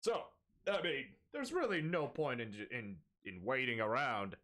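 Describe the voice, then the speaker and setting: A man's voice: medium pitch, wildly swooping pitch, a little slow, sharp tone. A young man streaming a game, chatting casually, rambling and laughing often, joking at his own expense, wired on an energy drink.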